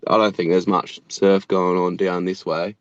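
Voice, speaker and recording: A man's voice: sits low, level tone, moderate pace, no room sound, lo-fi sound. A man in his thirties with an Australian accent, chatting casually as an interview guest, laid-back and swearing freely. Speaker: animator and show creator, guest.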